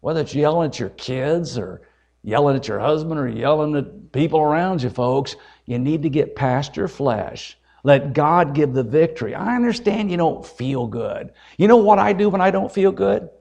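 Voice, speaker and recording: A man's voice: fairly high pitch, animated, moderate pace, creaky, a little mellow. An older man, an evangelist, preaching a folksy, joking and emphatic sermon.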